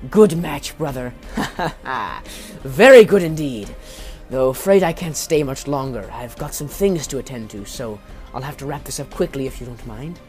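A man's voice: medium pitch, fairly quick, warm tone, soft background music, natural voice. A man voicing a sly, cold villain who mocks his younger brother in an audiobook. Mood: mocking.

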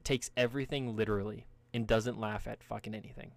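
A man's voice: fairly low pitch, a little fast, vocal fry, dry recording. A man in casual chat, brainstorming game characters, laughing often and swearing freely. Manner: animated, laughing, profane.

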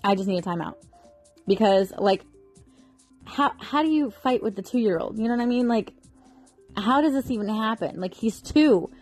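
A woman in her thirties, a mom vlogger, talks casually to the camera from her bed at home, chatty and rambling with lots of "like" and "you know," and she sounds mentally exhausted. Her voice is a little high with a darkish tone and lively intonation, at a moderate pace. Soft music plays in the background.

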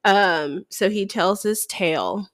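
A woman co-hosting a book podcast, retelling a plot in casual chat with lively acted-out quotes. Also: medium pitch, slow pace, dry recording, studio quality. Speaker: podcast co-host.

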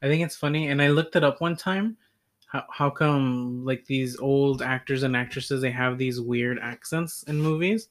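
A man's voice: medium pitch, moderate pace. Hesitant man chatting on a podcast. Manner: hesitant, filler-heavy, searching for words. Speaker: podcast co-host. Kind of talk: casual chat.

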